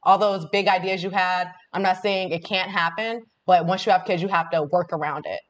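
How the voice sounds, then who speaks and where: A woman's voice: on the low side, fairly even intonation, brisk, highs cut off. A woman co-hosting, speaking earnestly in casual chat and giving her opinion.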